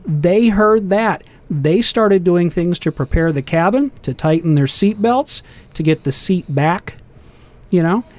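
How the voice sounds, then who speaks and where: Calm explaining man, fairly high voice. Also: unhurried. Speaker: aviation safety speaker. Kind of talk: casual panel talk.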